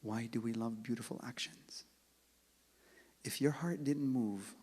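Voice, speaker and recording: A man giving a religious talk and telling a story, swinging from loud calls to hushed near-whispers and acting out both sides of a conversation. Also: fairly low pitch, fairly even intonation, normal speed, slightly rough. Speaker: speaker at an Islamic center. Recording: long hall reverb.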